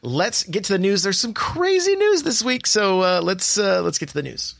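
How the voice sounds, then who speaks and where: A man's voice: high-pitched, sing-song, moderate pace, gravelly, noisy background. A man hosting a casual podcast, reading off sale prices with lots of fillers and chat. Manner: chatty, reads sale prices with many fillers. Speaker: podcast host.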